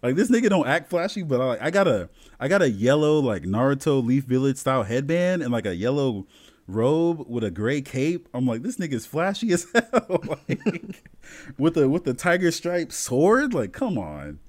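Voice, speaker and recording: A young man talking casually and excitedly about a video game, full of fillers and restarts. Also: mid-range voice, normal speed. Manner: excited, filler-heavy, rambling storytelling. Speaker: gamer friend in a podcast chat. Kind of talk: casual chat.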